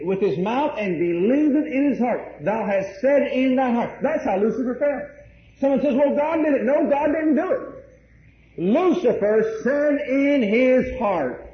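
High-voiced preacher in an echoing hall. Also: male voice. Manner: emphatic, repeats key phrases; addresses the congregation directly. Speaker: pastor. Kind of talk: sermon. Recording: roomy, dull, faint hiss.

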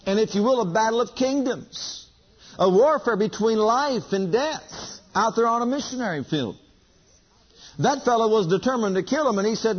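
A man's voice: sits high, animated, fairly quick, breathy edge. A man preaching a sermon, telling a story with acted-out dialogue and emphatic repetition. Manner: emphatic, repeats lines, acts out dialogue. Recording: dull lo-fi recording.

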